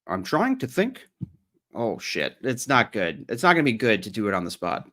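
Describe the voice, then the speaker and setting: A man's voice: lowish voice, wildly swooping pitch, normal speed, a bit bright. A man with an Ohio accent giving sarcastic, mocking livestream commentary on an article he reads aloud. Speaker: streamer.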